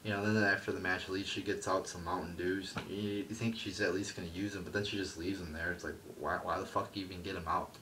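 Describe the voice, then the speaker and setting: A man's voice: low-pitched, flat delivery, fast talker, few pauses, sharp tone, distant mic, slight background noise. A man reviewing a wrestling show in a blunt, profane and dismissive rant, often trailing off and restarting.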